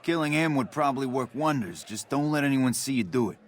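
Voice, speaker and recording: A man's voice: medium pitch, lively intonation, brisk, natural voice. Guy voicing a sly mob henchman, straight to the point. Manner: conspiratorial, blunt. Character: scheming male mob underling.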